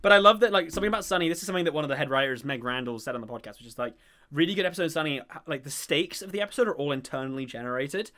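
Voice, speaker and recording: A man talking fast in a bright, forceful voice that sits a little high. He hosts a casual, rambling chat, full of fillers and eager asides. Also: expressive. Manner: enthusiastic, rambling, many fillers. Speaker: podcast host. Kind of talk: casual chat about a TV show.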